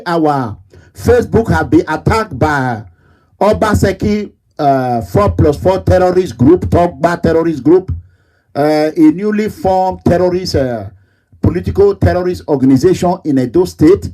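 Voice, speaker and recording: A man's voice: high voice, warm tone, poor audio. A man with a Nigerian accent delivering a fiery, repetitive political rant as an online commentator.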